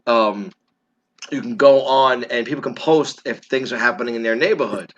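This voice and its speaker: A man's voice: mid-range voice, normal speed, a bit bright, lo-fi sound, slight background noise. A man with a New York accent co-hosting a podcast, ranting bluntly with plenty of swearing. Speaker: podcast co-host. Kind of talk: casual opinionated chat.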